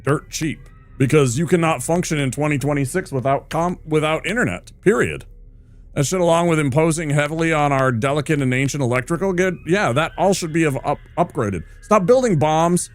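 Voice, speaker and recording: Sweary, fired-up male streamer ranting. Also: a little high. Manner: heavy swearing, exasperated ranting. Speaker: gaming streamer. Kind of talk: ranting while playing a game.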